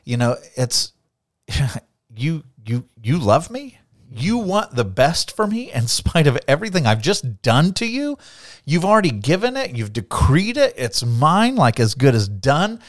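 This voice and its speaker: A man talks through a Bible passage in a relaxed conversational way, often slipping into quoted voices and restarting phrases. His pitch swings widely as he talks. The sound is dry and close. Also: a little slow, no echo. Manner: animated, acts out quotes, repeats words. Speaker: podcast co-host. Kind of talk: casual Bible discussion.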